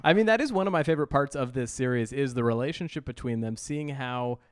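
A man co-hosting a podcast, casually recapping an episode in quick bursts with frequent uhs. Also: mid-range voice, dry recording, clean studio sound. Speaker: podcast co-host. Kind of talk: casual chat.

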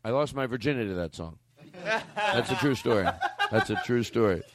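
Male comedy podcast host, middle-aged, rambling and profane, lively delivery. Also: mid-range voice, brisk, background noise. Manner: rambling, profane, self-mocking.

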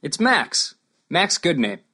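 A woman voicing a nervous young male squire, earnest, in a low boyish put-on voice. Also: sing-song, takes it slowly, sharp tone, breathy edge, exaggerated voice. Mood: plain.

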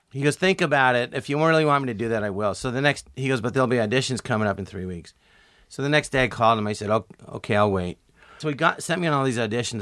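A man's voice: mid-range voice, no room sound, clean studio sound. A middle-aged man, a guest comedian, telling stories in casual talk and acting out the voices he quotes. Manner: animated, acts out quoted voices. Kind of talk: casual storytelling interview.

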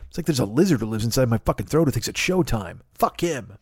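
A man's voice: medium pitch, sing-song, fast, darkish tone, husky, no room sound, clean studio sound. Man rambling through a profane comic rant. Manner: profane, rambling, self-mocking. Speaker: podcast host.

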